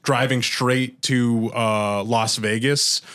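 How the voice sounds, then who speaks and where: A young American man chatting as a podcast guest. He rambles, restarts his sentences and laughs often. His pitch sits in an ordinary middle range for a man. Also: steady tone, takes it slowly, a bit bright, clean tone. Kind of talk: casual chat.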